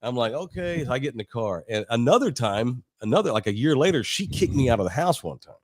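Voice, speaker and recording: A middle-aged man from Texas, co-hosting a sports podcast, telling childhood stories in a profane, animated, laughing way. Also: medium pitch, quick pace, no room sound, studio quality. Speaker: sports radio co-host. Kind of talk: casual podcast storytelling.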